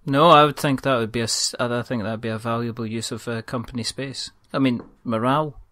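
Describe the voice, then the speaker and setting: Male podcast host, mid-pitched, dry close sound, playful banter. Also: steady tone, a little fast, sharp tone, no echo. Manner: playful, riffing on jokes. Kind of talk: casual chat.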